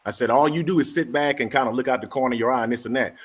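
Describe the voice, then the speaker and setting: Brisk male talker who acts out every voice in his stories; mid-range pitch, faint noise behind. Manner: animated storyteller acting out both sides of a dialogue. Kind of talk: casual chat.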